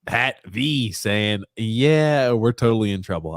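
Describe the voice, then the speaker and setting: A man's voice: fairly low pitch, expressive, slow, hardly any pauses, dry recording, clean studio sound. A man co-hosting a live hockey watchalong podcast, with a New York accent, teasing his co-host and reading viewer comments aloud. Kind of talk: live game watchalong chat.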